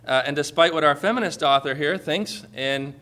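In a church sermon, a pastor jokes with his congregation and keeps asking them for amens. He speaks at a normal speed in a voice on the high side with a sharp tone.

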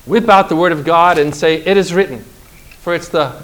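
A middle-aged man preaching a sermon, emphatic and slow, with dramatic pauses and rhetorical questions. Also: fairly high pitch, fairly bright tone.

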